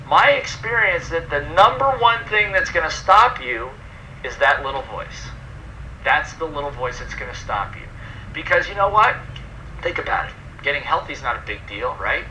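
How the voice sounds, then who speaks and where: A man with a bright, forceful, fairly high voice presents a personal development program as a motivational seminar talk, speaking emphatically and posing questions to his audience. The low-quality recording has slight background noise.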